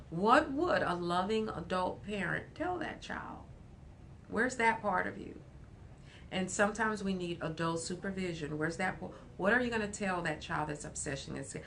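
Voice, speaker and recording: A woman counselor giving an animated, emphatic livestream talk, often breaking into laughter. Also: fairly low pitch, normal speed, creaky, slight background noise.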